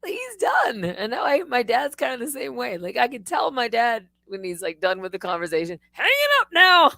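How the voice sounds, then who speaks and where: A middle-aged woman hosting a live stream, telling stories in a rambling, animated way with swearing and restarts. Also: on the high side, moderate pace, creaky, dry recording. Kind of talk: casual live-stream monologue.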